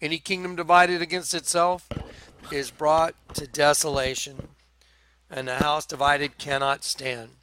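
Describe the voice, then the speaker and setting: A man preaching an online show-and-tell monologue, talking slowly and emphatically, repeating phrases and calling his viewers folks. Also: fairly high pitch, level tone, bright, forceful tone. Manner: repetitive, insistent, addresses viewers as folks.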